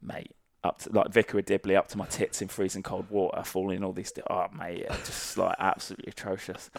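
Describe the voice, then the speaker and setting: A man with a low, gravelly voice recounts old training stories in a loose, profane, storytelling way. He is recorded close and dry, with no room sound. The interview is casual. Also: little pitch movement, fast, no echo. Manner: salty, sweary anecdotal storytelling. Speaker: guest, former army sniper.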